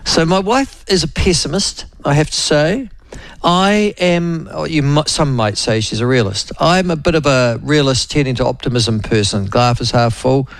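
Wry rambling new radio host. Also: male voice, on the high side, normal speed, no echo. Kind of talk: morning talk radio monologue.

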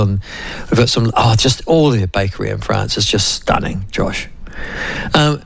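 A man's voice: lowish voice, normal speed, creaky, no room sound. A man with a New Zealand accent hosting a talk radio show, rambling and chatty, addressing his listeners and co-host by name. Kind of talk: casual radio chat.

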